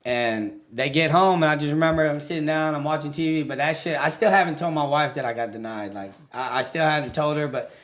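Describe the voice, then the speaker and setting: Young man, podcast guest, blunt and profane storyteller, slightly higher voice. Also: brisk, few pauses, fairly bright tone. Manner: candid, profane, laughs through the story. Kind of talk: casual storytelling interview.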